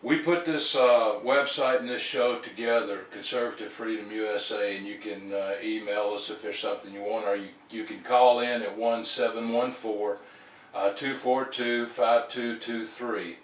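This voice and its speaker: A man's voice: fairly low pitch, fairly even intonation, moderate pace, echoey room, distant mic, rough recording. A man hosting a call-in talk show, rambling with many fillers and restarts. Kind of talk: casual talk-show monologue.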